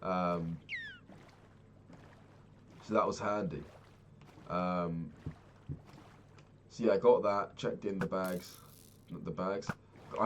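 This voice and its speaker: Over slight background noise, a deep-voiced young man casually spins a travel story for his vlog. He swears freely, rambles, and tells it with plenty of animation.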